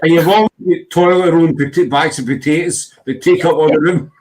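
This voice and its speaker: A man's voice: fairly high pitch, fairly even intonation, a little fast, a little mellow, rough recording. A man chatting casually as host, rambling through stories and saying "you know" a lot. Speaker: podcast host. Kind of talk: casual chat.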